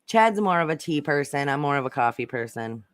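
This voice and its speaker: A woman's voice: low-pitched, expressive, brisk, dry recording. Chatty woman livestreaming. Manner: chatty, rambling, swears freely. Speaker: livestream host reading chat. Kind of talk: casual chat.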